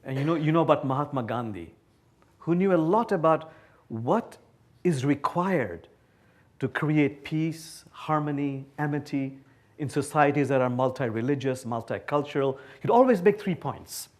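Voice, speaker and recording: A man from Bangladesh, giving an animated, playful public lecture to a live audience. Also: on the high side, moderate pace. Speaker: guest speaker. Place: talk before a live audience.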